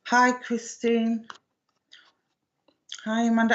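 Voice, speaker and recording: A woman, working as a medium in a live online reading, speaking gently and affectionately with many hesitations and restarts. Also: a little high, steady tone, a little slow, highs cut off. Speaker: psychic medium.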